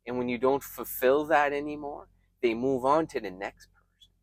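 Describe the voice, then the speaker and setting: A man's voice: medium pitch, no echo. Man giving earnest self-help advice, dry sound. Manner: reflective, emphatic, with frequent pauses and restarts. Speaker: self-help video creator.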